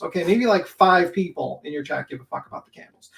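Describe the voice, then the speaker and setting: A man's voice: sits high, fast, gravelly, hardly any pauses. A man co-hosting a livestream, mocking and indignant, rambling with fillers. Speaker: livestream co-host. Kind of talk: casual livestream commentary.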